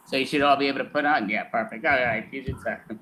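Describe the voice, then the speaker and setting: A man's voice: medium pitch, quick pace, pushed and bright, slight background noise. A man co-hosting a virtual comedy show, apologizing while he sorts out the tech. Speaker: show host. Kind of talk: casual hosting.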